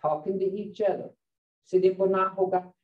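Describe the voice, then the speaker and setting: A woman teaching a vocabulary lesson in class. She laughs often and repeats words slowly for the learners. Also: mid-range voice, fairly even intonation. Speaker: language teacher. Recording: dull lo-fi sound from a distant mic.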